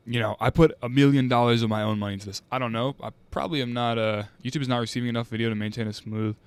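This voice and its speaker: A man's voice: medium pitch, clear, resonant tone, dry recording. A young man live-streaming, rambling casually with lots of filler words and restarts.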